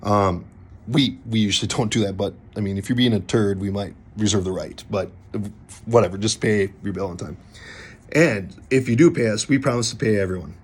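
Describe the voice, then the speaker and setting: A man's voice: fairly low pitch, fairly quick, slightly rough. A man from a contracting company casually walking clients through a contract, joking and mildly stern. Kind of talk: casual explanatory walkthrough.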